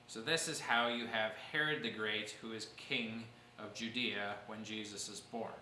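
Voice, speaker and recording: A man's voice: fairly low pitch, fairly even intonation, moderate pace, sharp tone, roomy sound, slight background noise, rough recording. A man teaching a church history class, explaining events patiently and answering questions from his students.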